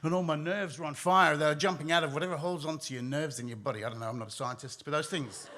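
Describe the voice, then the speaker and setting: Bright-voiced man telling a story. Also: on the high side, fast. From Australia. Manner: animated, acts out his own panicked voice. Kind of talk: live storytelling on stage. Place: live stage in a hall.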